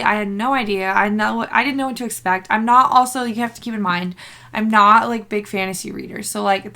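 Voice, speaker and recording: Bubbly, bright young woman vlogging. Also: mid-range voice. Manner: bubbly, rambling, lots of "like" and laughs. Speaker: book vlogger. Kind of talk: casual reading-reaction vlog.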